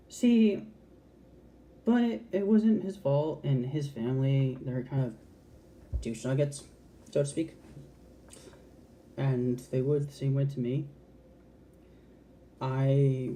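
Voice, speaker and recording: A woman's voice: rumbling low, warm tone. A trans woman talking frankly to camera in a casual, heartfelt vlog, swearing freely and restarting her sentences. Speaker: vlogger.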